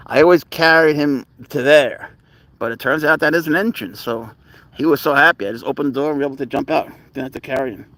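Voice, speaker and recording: A man hosts a casual live stream at a mid pitch, rambling through his stories the way he would with a friend. Between the stories he slips into soft baby talk for his cat. The tone stays easygoing and unscripted. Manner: rambling, conversational storytelling. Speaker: livestream host and pet owner; teacher.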